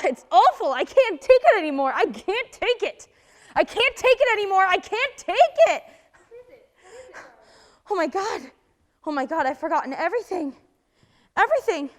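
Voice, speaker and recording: A woman playing a despairing young woman of twenty-three, with an intense, emotional delivery in an amateur stage drama. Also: very high-pitched.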